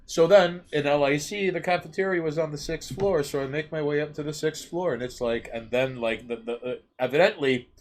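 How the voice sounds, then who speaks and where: A man's voice: on the high side, a little fast, few pauses, a little hiss or hum. A man, co-hosting a casual chat and telling stories with stammered restarts and swearing. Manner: stammering restarts, profane storytelling. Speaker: podcast co-host.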